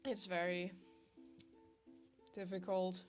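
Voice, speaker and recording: A woman's voice: fairly low pitch, little pitch movement, takes it slowly. A young woman with a sick voice, chatting casually and laughing at herself as she narrates her drawing process. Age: young adult. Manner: chatty, self-deprecating, laughs often. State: sick, congested voice. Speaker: art vlogger. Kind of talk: casual voice-over while drawing. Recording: faint guitar music behind. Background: soft guitar music.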